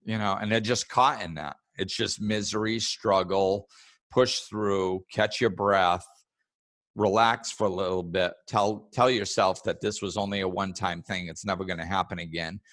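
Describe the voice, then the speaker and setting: A man hosting a casual spiritual self-help podcast, talking in a relaxed way and acting out other people's words in raised voices. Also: sits low, moderate pace, no echo, clean studio sound. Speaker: podcast host.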